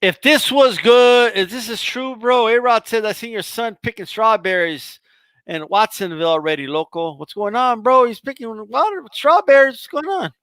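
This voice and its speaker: A man's voice: extremely high pitch, lively intonation, normal speed, a bit bright, clear, resonant tone, dry recording. A man co-hosting a boxing show, teasing his partner in casual comedic banter and saying "bro" constantly. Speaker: co-host.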